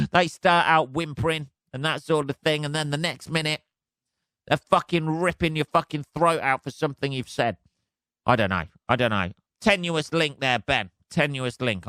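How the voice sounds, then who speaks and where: A man's voice: medium pitch, fairly bright tone, dry recording, clean studio sound. Sweary man ranting on a podcast. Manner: sweary, exasperated, laughs at himself. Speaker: podcast host. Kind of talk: casual solo rant.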